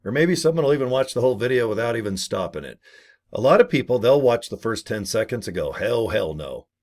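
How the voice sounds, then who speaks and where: A man's voice: mid-range voice, lively intonation, fast talker, a little mellow. A man giving rambling, jokey advice in a casual video, acting out little scenes as he goes. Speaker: network marketer. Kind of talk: casual talking-head video.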